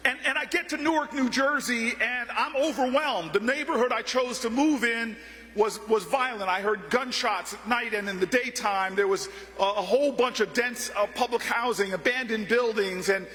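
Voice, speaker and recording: A man delivers a passionate speech, his voice sitting very high for a man. He builds rhythm through repeated phrases as he tells stories. The sound carries a long echo from a large hall. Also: normal speed, pushed and bright. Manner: rhythmic repetition, storytelling. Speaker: political speaker. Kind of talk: impassioned speech.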